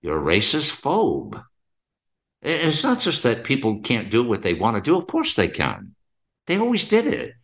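A man's voice: mid-range voice, huge pitch swings, normal speed, gravelly, a bit bright. A middle-aged man hosting a commentary monologue, rambling and repeating himself with many rhetorical questions and fillers. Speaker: podcast host.

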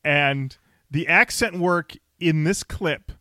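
Bright-voiced podcast co-host, animated. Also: male voice, fairly high pitch, slow pace, no room sound, clean studio sound. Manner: animated scene retelling, laughs often. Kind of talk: casual chat.

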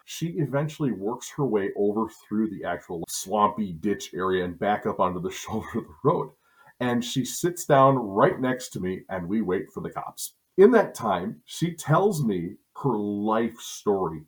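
A middle-aged man from Wisconsin, telling stories in a relaxed, chatty way on a podcast. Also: fairly low pitch, unhurried. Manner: relaxed, chatty storyteller with asides and self-corrections. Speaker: podcast co-host. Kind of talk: casual storytelling.

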